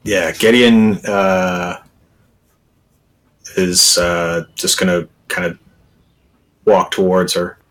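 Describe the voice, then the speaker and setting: A man's voice: low voice, flat delivery, extremely slow, pauses often, fairly bright tone. A man playing a tabletop game, hesitantly describing his character's moves. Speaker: player. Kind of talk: casual tabletop play. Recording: distant mic.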